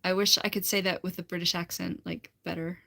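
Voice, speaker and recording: A woman's voice: on the low side, level tone, a little fast, gravelly, bright, forceful tone. A young American woman chatting casually on a livestream, rambling and laughing as she answers her chat. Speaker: livestream host.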